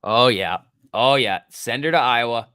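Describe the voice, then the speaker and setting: A man's voice: mid-range voice, unhurried, pushed and bright, smooth, dry recording, clean studio sound. A man hosting a live day-trading stream, giving casual, profane, joking commentary and bantering with his chat. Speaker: day trading livestream host.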